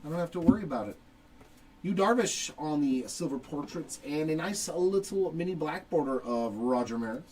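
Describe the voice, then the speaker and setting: Hosting a live card break, this middle-aged man keeps things casual and jokey, announcing every card as it comes out. His voice is fairly high, expressive and a little mellow at normal speed, though the mic is distant, the recording rough, and faint noise sits behind him.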